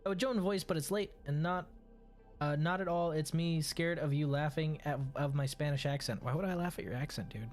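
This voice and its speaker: A man's voice: a little high, fairly quick, a little mellow, faint music behind. Laid-back joking male game streamer. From Texas. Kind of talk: casual gaming chat.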